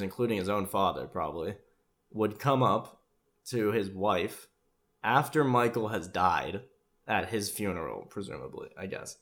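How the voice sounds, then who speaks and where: A man giving casual, rambling commentary on a show, sarcastic and swearing freely. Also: fairly low pitch.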